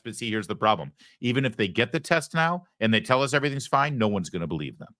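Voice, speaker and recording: Sarcastic male commentary host, lively pitch. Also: fairly quick, no room sound, studio quality. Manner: sarcastic, mocking, acts out quoted voices. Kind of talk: opinion monologue.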